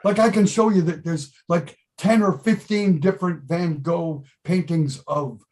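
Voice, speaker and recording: A man's voice: fairly high pitch, a little slow, darkish tone. A middle-aged man, a musician guest in a casual interview, talking emphatically, repeating himself and swearing freely.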